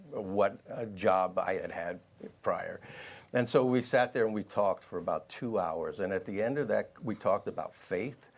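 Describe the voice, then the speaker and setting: A sheriff candidate answers a debate question by telling a story, pausing often with fillers and restarts. His voice is very deep and low, settling into an unhurried, personal telling. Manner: halting, anecdotal, many fillers.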